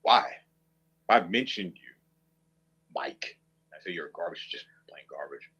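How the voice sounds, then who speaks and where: A man's voice: low-pitched, lively intonation, measured pace, sharp tone, breathy edge. A man streaming, ranting to viewers with a profane, mocking, combative manner. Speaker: online streamer.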